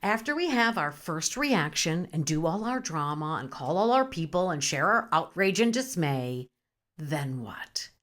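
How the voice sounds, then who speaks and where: Sassy animated woman podcast host. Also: lowish voice, moderate pace, few pauses. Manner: playful, sassy, profane, with pet names. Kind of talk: comedic spiritual monologue.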